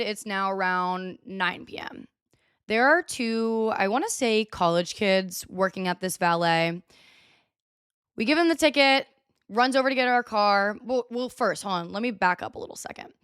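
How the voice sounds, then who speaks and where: A young woman hosting a podcast, telling a story in a chatty, animated way with lots of filler words. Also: mid-range voice, clear, resonant tone, no echo, studio quality. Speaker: podcast host. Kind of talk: casual storytelling monologue. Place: US (Texas area).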